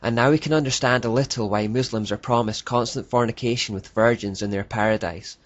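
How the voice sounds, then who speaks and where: A man delivers scripted documentary narration at a steady, mid-pitched register. His reading is measured and declarative. The recording is close and dry, with a slightly muffled, lo-fi tone. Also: no room sound. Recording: dull lo-fi dry voice-over.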